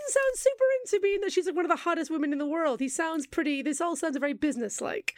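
Animated, high-voiced woman co-host. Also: fast, no room sound. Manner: animated, exclamatory, laughs a lot. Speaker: podcast co-host. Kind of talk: casual chat.

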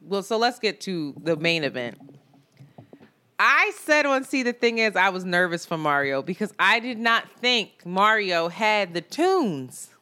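A woman co-hosts a podcast in casual, unhurried chat, animated and laughing as she swings between loud outbursts and low mutters.

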